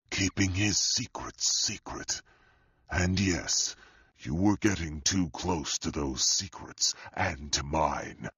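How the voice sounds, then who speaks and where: A man voicing a sinister, wealthy older male tech mastermind in an audiobook, speaking slowly and calmly with a deep, husky, gravelly voice. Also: no echo, clean studio sound, exaggerated voice. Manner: slow, calm and menacing. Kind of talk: audiobook character voice.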